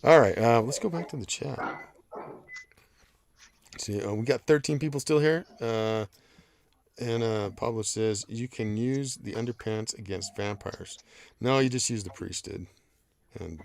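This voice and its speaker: Gravelly low-voiced guy, dry jokes, bit of faint hiss behind. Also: measured pace, pauses often. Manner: dry, joking, reads out chat comments. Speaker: podcast host. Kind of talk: casual chat.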